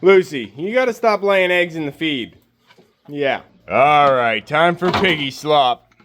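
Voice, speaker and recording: A man's voice: on the high side, animated, a little slow. A man on his homestead, chatting to the camera and coaxing his chickens, goats and pigs at feeding time. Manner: chatty, coaxing, talking to animals. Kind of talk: casual vlog talk to animals and camera. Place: outdoors on a farm. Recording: faint outdoor farm noise. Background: farm animals bleating.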